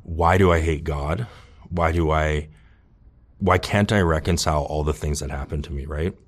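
A man openly telling his own recovery story, earnest and halting, with many restarts and "you know.". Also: extremely low pitch, fairly even intonation. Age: adult with children. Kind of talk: candid personal testimony.

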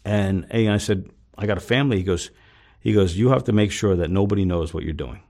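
A man's voice: lowish voice, brisk, a little mellow. A man telling his story as a guest in an interview, acting out what others said and swearing freely, getting emphatic when worked up. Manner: retells scenes with quoted dialogue, swears freely; intense, emphatic when upset.

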